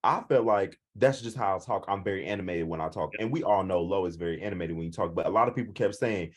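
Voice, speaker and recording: Husky, blunt man on a video call. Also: sits low, fast. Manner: blunt and profane, retells quotes in the cast's voices. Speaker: co-host. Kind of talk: casual reality TV review chat.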